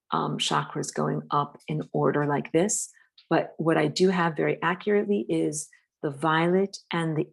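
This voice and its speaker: A woman with a low, slightly gravelly voice leads a relaxed drawing lesson from her home studio. She talks through the sketch loosely, with fillers and asides, recorded on a phone. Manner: casual, rambling instruction with many fillers. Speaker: art and spirituality teacher. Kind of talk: live-streamed drawing lesson. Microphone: phone camera.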